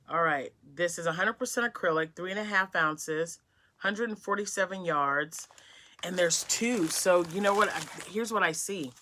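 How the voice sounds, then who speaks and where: A woman with a fairly low yet bright, forward voice, chatting casually at her desk as she unboxes happy mail. She gushes with excitement and often drops to a soft whisper over the yarn. She is recorded on a phone set on a mini tripod in her home craft room. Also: a little slow. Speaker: crochet vlogger.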